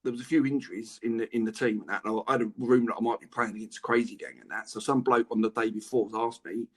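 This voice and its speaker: A man's voice: medium pitch, fairly even intonation, fast, hardly any pauses, breathy edge. A middle-aged English man, a former footballer, telling stories chattily and laughing through his anecdotes in a podcast interview. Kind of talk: casual storytelling interview.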